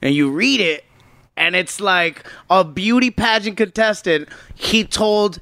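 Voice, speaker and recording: A man co-hosting a podcast, with a voice a little higher than most men's. He banters and cracks sarcastic jokes. His delivery stays loose and casual. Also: a little slow, sharp tone, dry recording. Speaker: podcast co-host. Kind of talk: casual chat.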